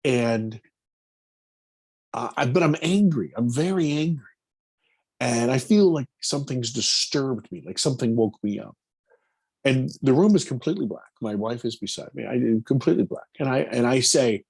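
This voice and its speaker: A man, a film producer, telling a personal story in an interview, animated and acting out his own quotes. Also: mid-range voice, moderate pace, breathy edge.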